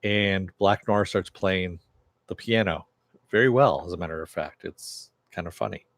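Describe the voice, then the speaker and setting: A man's voice: low-pitched, moderate pace, dry recording. A man giving a casual, chatty recap of a TV episode, with lots of fillers and some swearing. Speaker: TV show reviewer.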